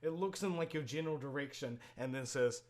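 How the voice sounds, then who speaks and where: A man narrating a tabletop game as game master, pausing often with fillers and restarts. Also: mid-range voice, darkish tone. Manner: halting, many fillers and restarts. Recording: noisy home mic.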